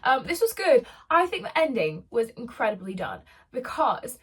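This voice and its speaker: Young woman, book vlogger, casual and dramatic, slightly high voice. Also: very animated, moderate pace, husky. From United Kingdom. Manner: dramatic, chatty, self-mocking. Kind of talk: casual chat.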